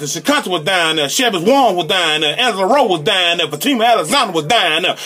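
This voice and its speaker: A man, hosting a casual live radio show and shouting out his hype intros. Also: high voice, slightly rough. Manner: hyped, shouting call-outs and shout-outs. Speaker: radio host.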